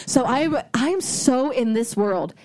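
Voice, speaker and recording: A woman in her thirties telling a long story in casual chat, animated and swearing freely, acting out what people said. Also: high voice, slow pace.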